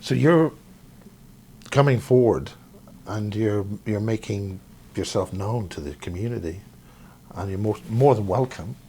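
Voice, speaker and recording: A man interviewing a guest, asking questions in a gentle, encouraging way. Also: fairly low pitch, unhurried, long pauses, slight background noise.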